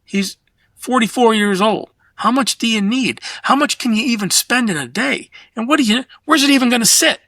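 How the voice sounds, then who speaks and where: A middle-aged man chatting as a podcast guest, rambling and profane as he tells animated stories. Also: very high-pitched, moderate pace, dry recording. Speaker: guest designer. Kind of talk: casual podcast chat.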